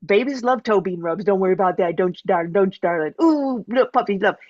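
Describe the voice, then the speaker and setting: A woman's voice: medium pitch, expressive, fast, no echo, lo-fi sound, close to an everyday voice. A woman playing a theatrical host with a Southern accent who fawns over guests, calling everyone darling and speaking of herself in the third person, in an improvised comedy sketch over a video call. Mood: gushing. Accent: American Southern. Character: gushing Southern pet-and-beauty advice host.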